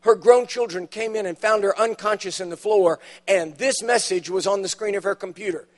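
Man, preacher, high-pitched voice, sermon in church, storytelling, emphatic punchlines. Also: moderate pace. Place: church auditorium.

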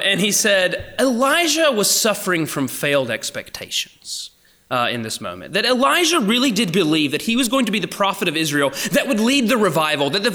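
A young man preaching a sermon, going from emphatic, raised passages down to hushed, almost whispered lines. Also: high-pitched. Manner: swings between emphatic and hushed, near-whispered asides. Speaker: pastor.

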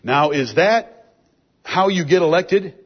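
A man's voice: fairly high pitch, animated, takes it slowly, breathy edge. A man giving a verse-by-verse Bible teaching, reading out scripture verses and explaining them with emphasis. It is a dull, lo-fi recording.

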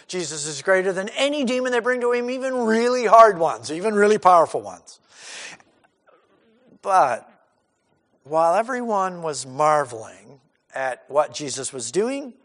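A man preaching an expository sermon who acts out crowd voices and swings from loud to hushed. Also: high voice. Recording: hall reverb.

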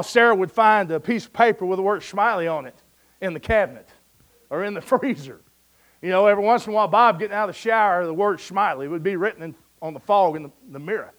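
A man preaching a sermon, telling a story in a folksy, conversational way and dropping to a soft hush at the moving points. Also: sits high.

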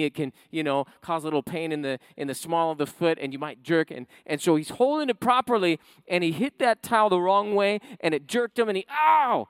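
A man's voice: on the high side, clear, resonant tone, no room sound. A man preaching a sermon who tells a family story, then builds to emphatic preaching. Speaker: pastor.

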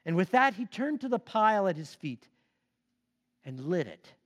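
A male preacher giving a sermon and telling a story with expressive emphasis. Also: high voice, moderate pace.

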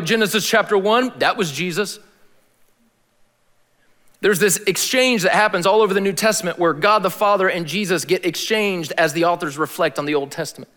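A man giving a sermon as a pastor, in a casual, slangy style with animated emphasis. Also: high-pitched, big-room sound.

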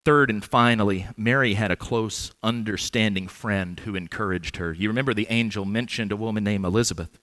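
A man preaching an earnest, measured sermon in church, with touches of gentle humor. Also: lowish voice, no echo.

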